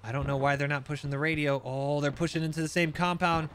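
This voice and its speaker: A man commentating recorded shooter gameplay, excitable and quick to react, with wry asides. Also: a little high, a little hiss or hum. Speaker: gaming channel host.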